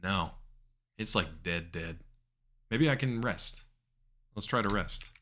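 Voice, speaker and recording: A man rambles casually through a live game stream, his voice sitting a little low but bright and forceful. He talks to chat with many ums and restarts. Keyboard clicks tap along in the background. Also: expressive, slow pace. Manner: rambling, chatty, with frequent fillers. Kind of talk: casual live-stream commentary while gaming.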